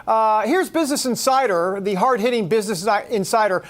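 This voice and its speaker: A man's voice: high-pitched, a little fast, hardly any pauses. A man hosting a talk show, giving sarcastic, incredulous commentary. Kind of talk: opinion commentary.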